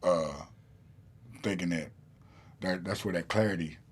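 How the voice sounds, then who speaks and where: A man's voice: low voice, fairly even intonation, unhurried. A man, a podcast guest telling a long story in a rambling way with many fillers and restarts. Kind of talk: casual storytelling in an interview.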